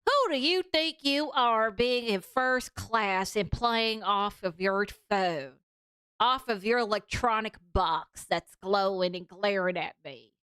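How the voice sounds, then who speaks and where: A woman's voice: mid-range voice, slow pace, sharp tone, clear, resonant tone, dry recording, clean studio sound. A woman putting on the voice of a snooty, entitled passenger, with haughty, indignant complaints. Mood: mocking indignant.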